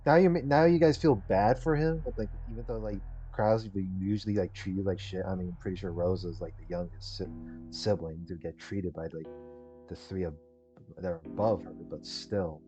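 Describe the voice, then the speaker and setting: A man's voice: low voice, a little fast, dark tone, dull audio. A man streaming a visual novel, rambling and swearing through his reactions and reading the text aloud. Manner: rambling, profane, laughing reactions. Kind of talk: let's-play commentary. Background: game music.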